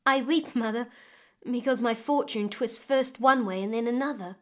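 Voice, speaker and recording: A woman's voice: fairly high pitch, moderate pace, close to an everyday voice. A woman voicing a poor young peasant girl who pleads earnestly in a storybook reading. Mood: tearful pleading.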